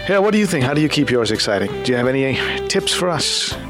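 A man's voice: mid-range voice, big pitch swings, fast talker, over loud music. A man hosting a casual radio talk show, chatty and teasing, often laughing.

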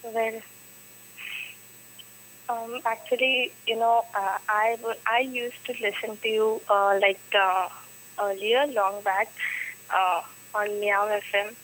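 A woman's voice: medium pitch, steady tone, slow, long pauses, a bit bright, a little hiss or hum, rough recording. A woman calls a radio show and talks hesitantly, with many fillers. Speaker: caller. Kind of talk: phone-in chat.

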